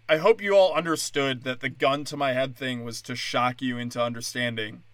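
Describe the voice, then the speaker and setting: A man's voice: medium pitch, fairly even intonation, normal speed, a bit bright, no room sound. Angry profane comedian ranting on his podcast.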